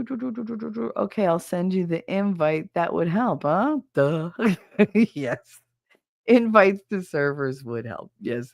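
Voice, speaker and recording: A woman tells a story on her podcast, animated and full of laughter. She swears freely and acts out other people's voices. The sound is dry and close. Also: low voice, no echo. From New Jersey, USA. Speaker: podcast host. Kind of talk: casual storytelling chat.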